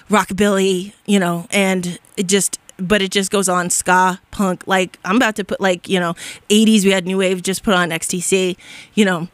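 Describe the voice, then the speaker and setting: A woman's voice: mid-range voice, no echo. A woman hosting a radio show from a studio, talking in a bubbly, effusive, rambling way with frequent giggles. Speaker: radio DJ and host. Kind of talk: casual radio DJ chat.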